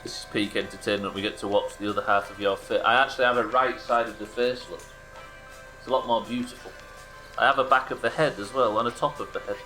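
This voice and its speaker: Bright-voiced British man joking with chat. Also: lowish voice, fairly even intonation, fast, soft background music. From Britain. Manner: dry, joking banter with chat. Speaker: streamer. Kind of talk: casual live-stream commentary to chat.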